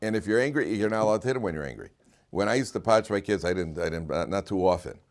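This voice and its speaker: Rabbi teaching a live class: a man with a lowish voice, casual and wry, full of stories and asides. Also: expressive, fast talker. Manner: informal and joking, with frequent restarts. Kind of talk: conversational Torah lecture with stories.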